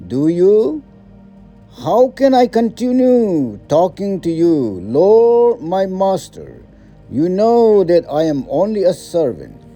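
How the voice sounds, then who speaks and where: Humble praying king, read by a man; slow, earnest, dark warm voice. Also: high voice, exaggerated voice.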